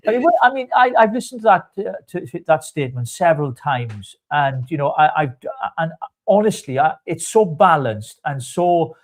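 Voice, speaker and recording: A man's voice: on the high side, big pitch swings, normal speed. A man co-hosting a podcast in casual chat, rambling and effusive with many stumbling restarts. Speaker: podcast co-host.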